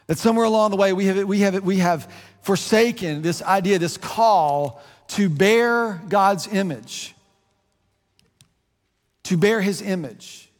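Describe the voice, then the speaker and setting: A man's voice: high voice, unhurried, big-room sound. A man from the United States preaching a sermon in a conversational way, restarting phrases and adding asides. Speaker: pastor.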